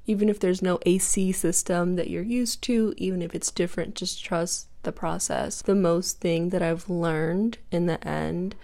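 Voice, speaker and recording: A young woman giving an earnest, reflective monologue that slows to a soft hush. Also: lowish voice, fairly even intonation, vocal fry.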